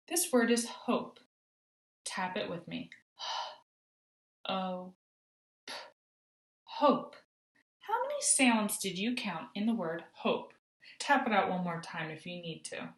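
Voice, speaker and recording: A woman teaching a phonics lesson to young children, modeling sounds slowly and clearly for them to echo back. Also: mid-range voice. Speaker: kindergarten teacher. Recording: roomy echo.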